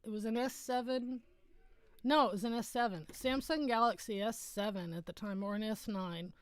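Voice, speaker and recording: A woman's voice: a little high, moderate pace, smooth, dry recording. A middle-aged woman hosting a casual livestream from home, chatting in a rambling way and correcting herself as she goes.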